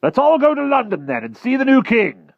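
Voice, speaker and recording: A man voicing a blustering old country knight who talks in loud, hearty exclamations. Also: mid-range voice, very animated, unhurried, no room sound, muffled recording, voice pushed up. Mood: excited.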